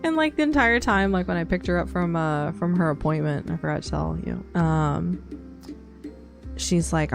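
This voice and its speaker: Low, gravelly-voiced woman chatting casually. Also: moderate pace, soft background music. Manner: rambling, many fillers and laughs. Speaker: streamer chatting with live chat. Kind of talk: casual chat.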